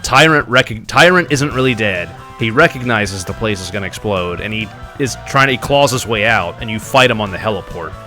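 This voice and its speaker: A man streaming a game live, giving animated, mocking commentary with laughs. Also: lowish voice, fairly quick, hardly any pauses, faint music behind.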